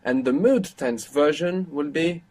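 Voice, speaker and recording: A man's voice: on the high side, unhurried, a little mellow. Patient man teaching grammar. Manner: patient, explanatory, quizzing students. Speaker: language teacher. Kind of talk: live online language lesson.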